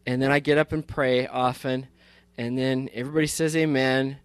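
A man's voice: mid-range voice, little pitch movement, normal speed, clean tone, dry recording. A pastor in his fifties talking from the pulpit in a rambling, good-humored way, often restarting his sentences and laughing. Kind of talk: casual talk from the pulpit.

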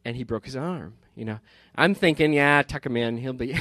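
An animated, fairly bright medium-pitched voice belongs to a pastor in his fifties talking casually from the pulpit at a moderate pace, with no echo. He rambles in good humor, laughing and restarting sentences often.

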